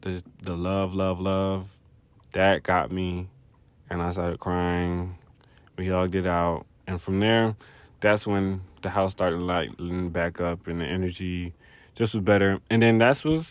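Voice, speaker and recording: A young man telling a personal story in a casual vlog, rambling, animated and profane. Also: low-pitched, dry recording. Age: young adult. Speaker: vlogger.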